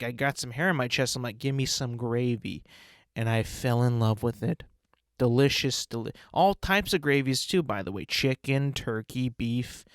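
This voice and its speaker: A man's voice: mid-range voice, fairly bright tone, clear, resonant tone, no room sound, studio quality. A man hosting a casual solo podcast, rambling playfully and savoring talk of food. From United States. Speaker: podcast host.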